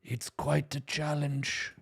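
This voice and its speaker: A man's voice: on the high side, completely flat delivery, takes it slowly, gravelly, breathy edge. A man casting a game tournament, chatting casually during a break in a rambling, self-amused way. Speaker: tournament caster.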